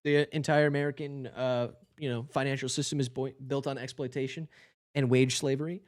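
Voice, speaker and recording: A hoarse man talking casually to a live-stream audience in rambling, self-deprecating asides. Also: mid-range voice, level tone, a little fast.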